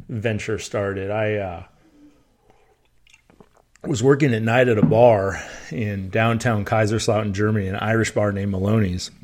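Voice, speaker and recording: A man hosting a casual solo podcast, telling stories in a relaxed, rambling way and often restarting his sentences. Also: lowish voice. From United States. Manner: relaxed, chatty storytelling. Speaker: podcast host.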